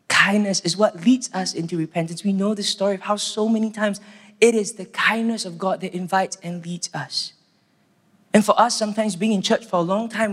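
A man preaching a sermon in an earnest, conversational way. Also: high-pitched. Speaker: pastor. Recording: echoey hall.

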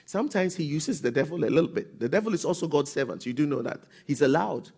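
A male pastor preaches to his congregation, his pitch swinging widely as he builds and falls back. His voice is husky and sits a little high, and he often drives his lines up toward a shout and calls for responses. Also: expressive, fast. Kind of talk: sermon.

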